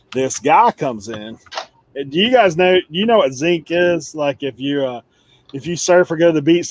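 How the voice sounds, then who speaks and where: A man's voice: a little high, no room sound. A man chatting casually on a live stream, telling a long laid-back anecdote and laughing along the way. He comes from the United States. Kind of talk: casual chat, storytelling.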